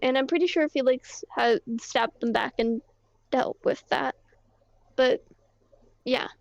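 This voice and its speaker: A woman playing a shaken young player character, telling her story in a rambling, halting way full of fillers and swearing. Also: sits high, creaky, no echo, full character voice. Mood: agitated. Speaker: roleplay character recounting events. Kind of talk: casual in-character roleplay storytelling. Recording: dull lo-fi mic.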